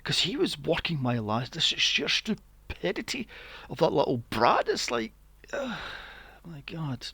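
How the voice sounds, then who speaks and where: Brief: male podcast co-host, gravelly and lively, dry close sound, exasperated sweary movie rants. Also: on the high side, unhurried, dry recording. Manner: sweary, exasperated ranting with mocking impressions. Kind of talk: casual movie review chat.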